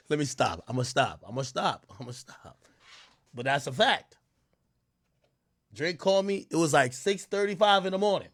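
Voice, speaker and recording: A man's voice: a little high, animated, normal speed, long pauses, fairly bright tone, no room sound, studio quality. A man chatting casually on his livestream, tipsy, rambling and profane, laughing often and mimicking other people.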